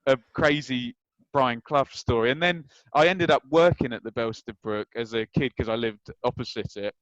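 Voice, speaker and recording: Lively man telling stories, dry sound. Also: medium pitch, normal speed, no room sound, highs cut off. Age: 30s. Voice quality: lively storyteller who acts out scenes. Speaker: guest. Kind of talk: anecdotal chat.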